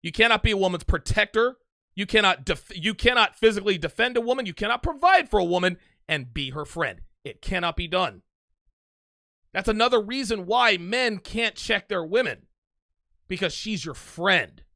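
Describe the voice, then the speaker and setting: A man's voice: sits high, expressive, normal speed, bright, forceful tone, no echo. A man doing mocking reaction commentary, emphatic and sarcastic, on a close microphone. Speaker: commentary host.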